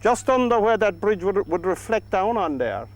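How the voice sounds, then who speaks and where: Irish painting teacher, man, high-pitched, soft coaxing delivery, outdoors. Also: big pitch swings, moderate pace, rough recording. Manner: gentle, coaxing, talks to the paint. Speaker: painting instructor. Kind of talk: painting demonstration. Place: outdoors by a lake.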